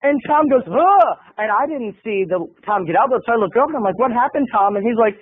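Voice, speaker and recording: A man, a video blogger, telling a story as an animated, theatrical monologue and acting out the other people's voices. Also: high-pitched, fast, husky, phone-quality sound.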